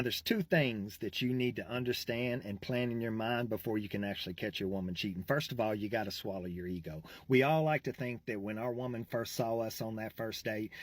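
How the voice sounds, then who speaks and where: A man's voice: mid-range voice, a bit bright, no room sound. A man in his forties giving dating advice to the camera in a brash, lecturing way. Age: 40s.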